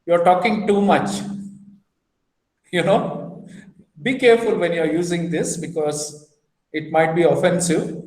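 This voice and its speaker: A man's voice: high voice, steady tone, unhurried, pauses often, darkish tone, echoey room, rough recording. A man teaching a beginners' language class over a video call, patiently repeating phrases and explaining them with examples.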